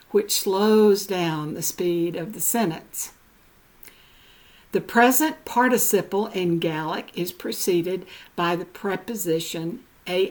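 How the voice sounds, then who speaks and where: An older woman with a medium-pitched voice presents genealogy notes. She reads slowly and carefully, spelling out words letter by letter.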